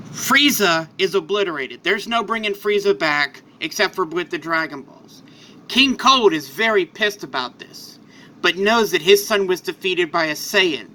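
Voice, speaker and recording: A man casually improvising a fan story, in a rambling, animated way. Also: sits high.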